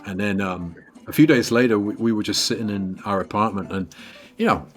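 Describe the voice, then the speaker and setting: An English man in his fifties, a guest guitarist telling stories in an interview in a chatty, animated way, full of "you know" and "like". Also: fairly low pitch, a little fast, faint music behind. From England. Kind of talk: casual storytelling in an interview.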